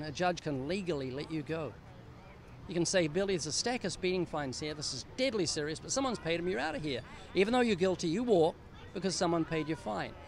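With slight background noise, an older man with a fairly high voice talks to a stranger on a city street. A street evangelist, he shares his faith in a serious, earnest, pleading manner.

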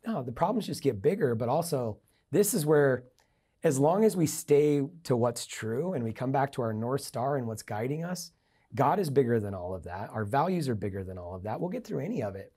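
A man's voice: medium pitch, very animated, fairly quick, dark tone, breathy edge. A middle-aged man, a podcast guest, telling a personal business story and acting out the dialogue. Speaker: guest, entrepreneur and investor.

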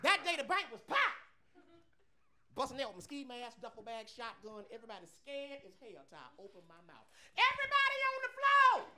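A man from with an unusually high, soft voice, performing a brash, profane stand-up comedy set on a club stage. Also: a little fast. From Tuscaloosa, Alabama. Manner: brash, profane, animated storytelling.

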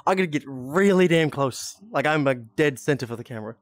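A streamer talks casually into a headset mic while playing a VR game, giggling constantly and swearing a lot. The voice is mid-range with lively intonation, the pace a little fast, and there's no room sound.

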